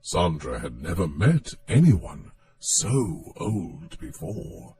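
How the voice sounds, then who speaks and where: Brief: male storybook narrator, very deep, unhurried, animated pitch, soft music underneath. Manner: measured, expressive storytelling. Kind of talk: storybook reading.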